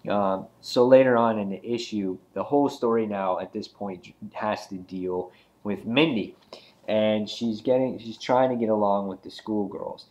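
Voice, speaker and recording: A man's voice: fairly low pitch, steady tone, moderate pace, a little mellow. A man giving a casual spoken comic book review, rambling with frequent ums and restarts.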